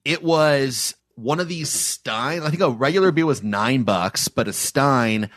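A man co-hosting a podcast in casual chat, telling stories in a relaxed, drawn-out way. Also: medium pitch, no echo, clean studio sound. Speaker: podcast co-host.

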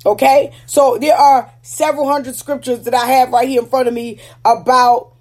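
A woman preaching a teaching sermon to ministers. She speaks emphatically, slows down to stress key words, and keeps checking in with "Okay?". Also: high-pitched, little pitch movement, a little mellow. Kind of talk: teaching sermon with scripture readings.

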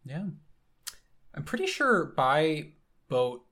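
A man's voice: on the high side, very animated, slow, a bit bright. Rambling game master, man. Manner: rambling, filler-heavy. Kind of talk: narrating a tabletop game.

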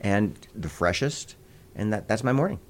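Low-voiced man, animated storyteller. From Midwest United States. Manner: animated storyteller, quick bursts of voices and laughter. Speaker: voice actor guest. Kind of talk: interview conversation.

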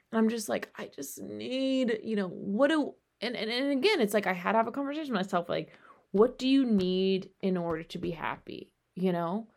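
Candid woman talking frankly. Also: mid-range voice. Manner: candid, frequent filler words and swearing. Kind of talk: casual monologue.

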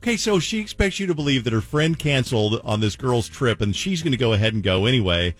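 A man hosting a radio call-in show, animated and incredulous as he recaps a caller's story. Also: medium pitch, fast talker, slightly rough, soft background music. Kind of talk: casual radio chat.

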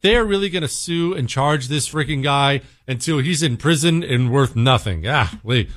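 A man hosts a talk radio show, delivering an opinionated, sarcastic monologue at a moderate pace. He's animated, swinging his pitch for emphasis. The sound is clean studio quality with no echo.

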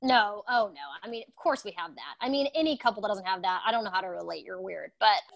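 Fast-talking candid woman, dry close sound. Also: medium pitch, expressive, vocal fry, a bit bright, dry recording, low-quality recording. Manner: intense, candid, quick-talking. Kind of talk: casual conversation.

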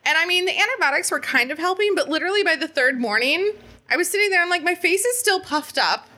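A young woman casually telling a story, animated and swearing freely, acting out quoted lines as she laughs. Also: very high-pitched, quick pace.

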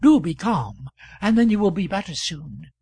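A woman's voice: lowish voice, big pitch swings, normal speed, dark tone, breathy edge, no echo, full character voice. A man voicing a prim, fussy spinster friend who fusses over a weeping wife in an old novel reading. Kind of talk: audiobook character voice.

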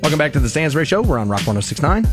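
Radio host, male, thirties, high and animated, chatty storyteller. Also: racing, loud music behind the voice. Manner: animated, acts out quotes in loud bursts. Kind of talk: casual storytelling and commentary.

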